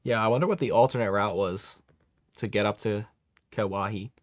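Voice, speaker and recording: A man's voice: on the low side, normal speed, no echo, clean studio sound. A man hosting a live watch-along, giving casual, joking commentary with chuckling asides.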